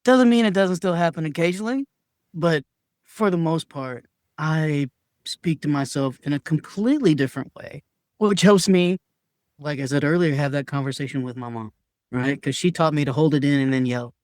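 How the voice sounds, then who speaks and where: Man, earnest and emphatic, higher-pitched voice, dry close-mic sound. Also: moderate pace, a little mellow, no room sound. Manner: earnest and emphatic, acts out his own past dialogue in a raised voice. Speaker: podcast guest. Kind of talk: candid conversational sharing.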